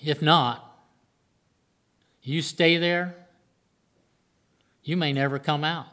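A man's voice: fairly high pitch, steady tone, takes it slowly, sharp tone. An older man preaching a sermon to a congregation in an earnest, plain-spoken way. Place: church before a congregation.

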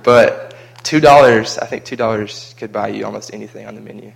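Casual guy, low gravelly voice, flat delivery, rambling travel chat. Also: brisk. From United States. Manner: chatty and rambling, with frequent repeated words. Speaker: vlogger recounting a mission trip.

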